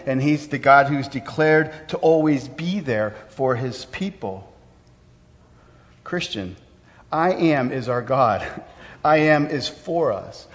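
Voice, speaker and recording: A preaching man in a reverberant hall. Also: fairly high pitch. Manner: earnest preaching with pauses and asides. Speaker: pastor. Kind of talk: sermon.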